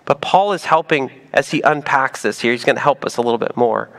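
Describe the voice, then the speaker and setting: A man preaching a sermon as pastor, animated and playful, dropping to soft emphasis on key points. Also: mid-range voice, a little fast.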